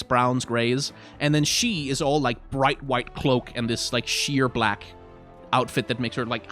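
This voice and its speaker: Man, casual stream commentary, rambling, lots of restarts, frank, mid-pitched voice, faint music behind. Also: fairly bright tone. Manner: rambling, many fillers and restarts; frank, self-deprecating, mild swearing. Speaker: streamer reviewing game card art.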